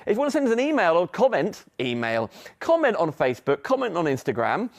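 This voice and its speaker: A middle-aged man hosts a live shopping demonstration. He keeps up a chatty, upbeat sales patter and talks straight to the viewers in a slightly higher voice than most men. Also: big pitch swings, normal speed, darkish tone. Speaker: shopping channel presenter.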